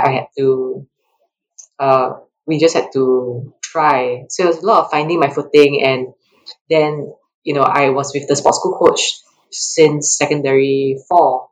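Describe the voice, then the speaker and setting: A woman from Singapore, a track athlete guest telling stories in a casual interview. She is animated and laughs often, and her pitch jumps up when she acts out quotes. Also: poor audio.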